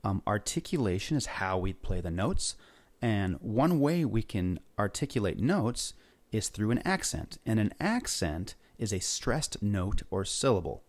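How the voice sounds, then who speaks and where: A man's voice: on the low side, sing-song, measured pace. A male music teacher leading a lesson for young kids, upbeat and coaxing them to repeat words and sing along. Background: faint guitar.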